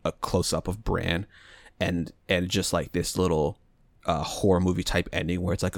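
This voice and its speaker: A man's voice: deep voice, flat delivery, normal speed, gravelly, no echo, clean studio sound. A man casually talking over a TV show's plot as a podcast co-host, rambling and restarting as he mulls theories aloud. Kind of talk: casual TV recap chat.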